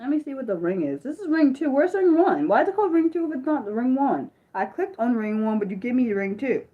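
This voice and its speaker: A young woman hosting an unscripted livestream, chatting to her viewers with animated restarts and repeated exclamations, easily spooked. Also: sits high, brisk, phone-quality sound. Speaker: livestream host. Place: her room.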